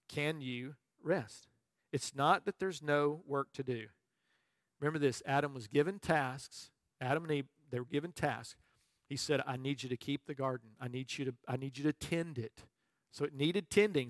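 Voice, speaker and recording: A male pastor preaching a sermon, telling a personal story in a conversational way with frequent restarts and moments where he drops to a soft, quiet voice. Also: fairly high pitch, no room sound, clean studio sound.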